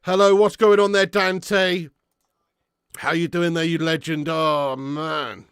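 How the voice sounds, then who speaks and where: A man hosting a live football watch-along, calling the play and chatting casually with viewers, swearing freely and swinging between excited shouts and weary sighs. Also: fairly high pitch, slow pace, clean tone, no echo, studio quality. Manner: casual and matey, thanks viewers by name. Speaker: fan channel host doing live match watch-along.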